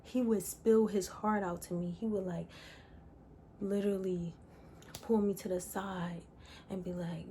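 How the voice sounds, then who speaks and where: A woman's voice: on the low side, fairly even intonation, unhurried, mellow, a little hiss or hum. A young woman telling a personal story in a casual, candid way, rambling with lots of "like" fillers. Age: young adult. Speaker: vlogger.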